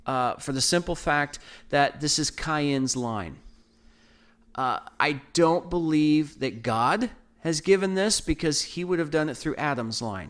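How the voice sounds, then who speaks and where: A man hosting a podcast Bible study, explaining verses in a thoughtful, teaching manner with frequent restarts. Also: mid-range voice. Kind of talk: casual Bible study talk.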